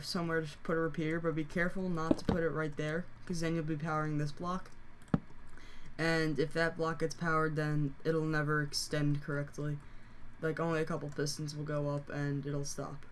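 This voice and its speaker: A hoarse game tutorial host who is losing their voice, explaining steps casually with fillers and frequent self-corrections. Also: mid-range voice, little pitch movement, normal speed, a little hiss or hum. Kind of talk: casual screen-recorded tutorial.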